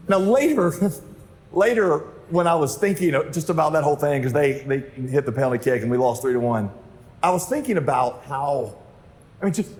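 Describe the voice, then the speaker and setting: Animated preaching man in a reverberant hall. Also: fairly high pitch. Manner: animated storyteller acting out dialogue, rising to near shouting. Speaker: pastor. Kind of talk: sermon storytelling.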